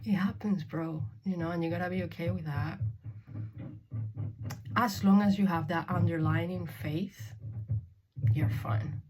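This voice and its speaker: A woman's voice: on the low side, fairly even intonation, unhurried, long pauses, a little hiss or hum. A young woman from Spain talking frankly to camera in a casual vlog, swearing freely and dropping to whispers. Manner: frank and sweary, laughing often, swinging from loud to whispered. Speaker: spiritual vlogger. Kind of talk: candid casual monologue.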